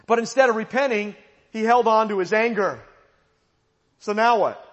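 A man's voice: high-pitched, normal speed. A male pastor preaching a sermon with an emphatic, repetitive cadence, heard with long hall reverb.

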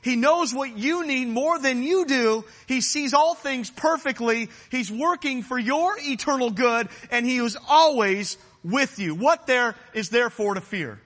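High, bright-voiced preacher man in a hall. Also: expressive, unhurried, few pauses. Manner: earnest, emphatic, repeats phrases for effect. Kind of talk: sermon.

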